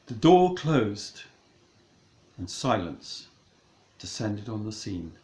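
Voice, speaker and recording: A man reads a comic storybook at an unhurried pace, his pitch rising and falling with mock-dramatic flair. He speaks at a middle pitch, and his voice carries an echoey room sound. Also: sing-song, a little mellow. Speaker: narrator. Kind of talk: comic audiobook narration.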